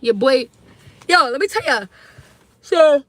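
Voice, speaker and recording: A woman's voice: high voice, lively intonation, takes it slowly, a bit bright, dry recording. A tired woman talking casually to viewers on a phone live stream, chatty and slangy, greeting them again and again. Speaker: livestreaming mom.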